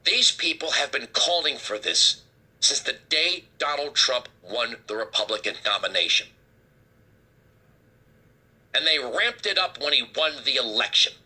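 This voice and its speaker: Male talk host, high and sharp-toned, husky, ranting with sarcasm. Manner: heated, sarcastic, emphatic. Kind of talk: political commentary rant.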